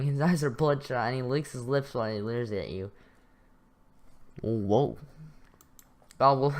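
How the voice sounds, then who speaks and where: A man's voice: mid-range voice, clear, resonant tone. Young male gaming YouTuber, chuckly casual read-through, trips on words. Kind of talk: reading a text game aloud with commentary.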